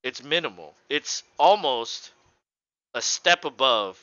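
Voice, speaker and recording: Male podcast co-host, bright and forceful, smooth dry voice, fast profane rants. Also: mid-range voice, dry recording, dull audio. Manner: animated, profane ranting with mocking voices. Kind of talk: casual sports chat.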